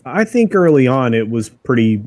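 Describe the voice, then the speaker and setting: A man talks casually on a podcast panel, earnest and matter-of-fact. His voice sits at a middle pitch. The recording is dry and close. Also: very animated, moderate pace, a little mellow, no room sound.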